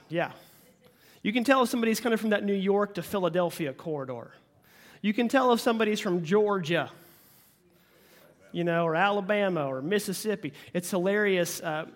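A pastor from Oklahoma with a light Oklahoma accent, giving a sermon in a folksy, joking way. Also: male voice, sits high. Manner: folksy and joking, with playful asides.

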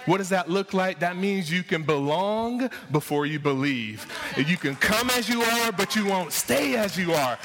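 Higher-voiced preacher in a reverberant hall. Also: male voice, lively intonation, a little slow, fairly bright tone. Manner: rousing, repetitive rhetorical questions to the congregation. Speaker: pastor. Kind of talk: sermon.

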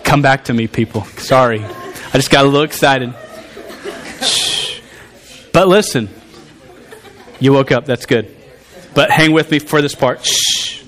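A man preaching a sermon, talking to the congregation in an animated, conversational way with frequent restarts. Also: medium pitch, moderate pace, long pauses.

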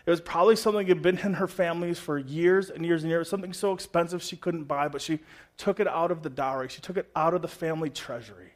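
A pastor with a high-pitched voice delivers a sermon in an expressive, conversational way. He drops to near-hushed tones, then rises to loud, emphatic bursts, with casual asides along the way. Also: fast.

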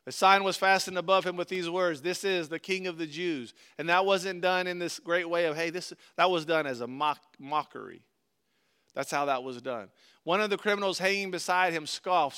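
A man's voice: high voice, moderate pace, sharp tone, clean tone. A male preacher giving a sermon, reading scripture aloud and then explaining it in an earnest, conversational way.

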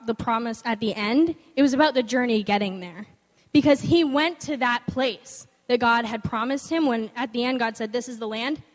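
Earnest young woman preaching in a reverberant hall. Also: high-pitched. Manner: earnest, conversational, animated when quoting others. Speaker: speaker sharing a devotional. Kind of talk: informal sermon with personal story.

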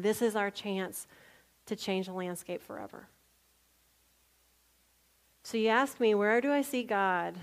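A woman preaching a sermon, telling personal stories, laughing often and dropping to a near whisper for quiet moments. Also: medium pitch. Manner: storytelling, animated, laughs often, drops to near-whisper for quoted prayers.

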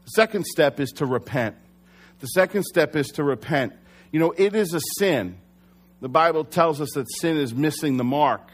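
A man's voice: fairly high pitch, animated, moderate pace. Earnest, conversational male preacher. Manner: conversational, earnest, with self-corrections. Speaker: pastor. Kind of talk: sermon.

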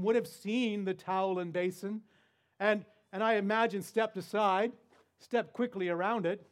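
Male pastor, sermon delivery; high voice, measured unhurried pace, emphatic. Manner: deliberate, emphatic, rhetorical questions.

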